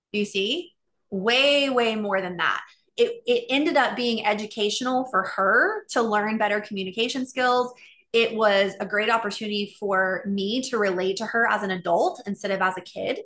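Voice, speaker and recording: A woman's voice: mid-range voice, normal speed, a bit bright, slight background noise. A middle-aged woman talking earnestly and openly in a casual monologue, with many "like" fillers.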